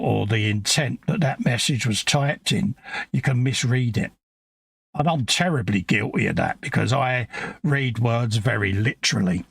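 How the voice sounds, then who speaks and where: Gravelly British man in his fifties. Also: medium pitch, dry recording. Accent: British regional. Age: 50s. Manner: blunt, chatty, self-deprecating banter. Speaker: live stream co-host. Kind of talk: casual chat reading viewer comments.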